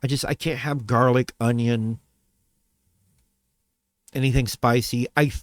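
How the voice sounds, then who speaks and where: A man's voice: mid-range voice, steady tone, a little slow, no room sound. A man venting to his camera about a bad restaurant visit, heated and profane, repeating himself as he goes. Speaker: vlogger. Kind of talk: angry rant to camera.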